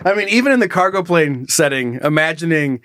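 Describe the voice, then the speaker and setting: A man co-hosting a comedy podcast in casual chat, laughing often and jumping into animated bits. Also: fairly high pitch, normal speed, dry recording, studio quality. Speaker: podcast co-host.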